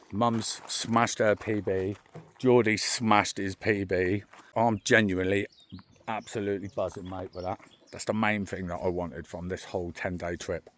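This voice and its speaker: Chatty low-voiced man fishing outdoors. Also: a little hiss or hum. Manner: chatty, calls everyone mate. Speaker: fishing vlogger. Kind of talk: casual chat. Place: outdoors at a carp lake. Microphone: handheld phone.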